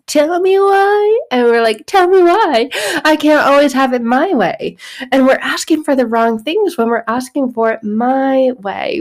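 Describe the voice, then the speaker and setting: Woman, podcast host, casual spiritual talk, chatty, animated, acts out quotes, laughs, swears now and then. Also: fairly high pitch.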